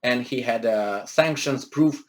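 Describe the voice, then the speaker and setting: A little slow in delivery, a male political commentator weighs in on a news article. He leans on rhetorical questions and sarcasm, hesitates a lot, and his pitch jumps on emphatic words.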